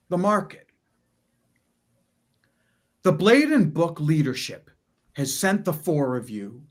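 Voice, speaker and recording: Slow, unhurried male game master. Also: fairly high pitch. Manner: unhurried, halting descriptive narration. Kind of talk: narrating a tabletop game.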